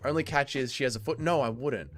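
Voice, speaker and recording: A man's voice: mid-range voice, quick pace. A man hosting a casual livestream, reading chat aloud and bantering with it, swearing and exasperated.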